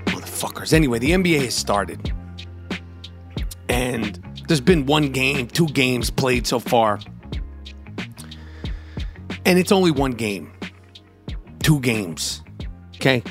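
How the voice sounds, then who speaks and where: A middle-aged man, hosting a podcast in a profane, comedic rant that bursts into yelling. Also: medium pitch, very animated, takes it slowly, pauses often, faint music behind. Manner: profane, ranting, yells in bursts. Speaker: podcast host.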